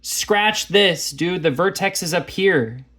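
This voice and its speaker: A man's voice: high voice, animated, takes it slowly, pushed and bright. A man teaching a math lesson, walking through graphing problems in a chatty, self-deprecating way. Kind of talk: casual lesson walkthrough.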